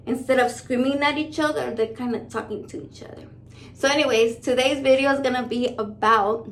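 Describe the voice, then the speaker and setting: Woman vlogger, 30s, slightly high voice, blunt and profane storyteller. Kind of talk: casual storytelling to camera.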